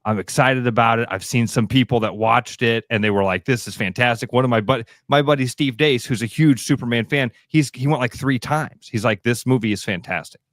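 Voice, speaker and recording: A man's voice: medium pitch, steady tone, fairly quick, few pauses, no echo, studio quality. A middle-aged man with a Midwestern American accent, co-hosting a radio show and telling a story in a chatty, easygoing way. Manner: chatty, storytelling, laughs easily. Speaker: radio co-host. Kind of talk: casual radio chat. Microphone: studio microphone.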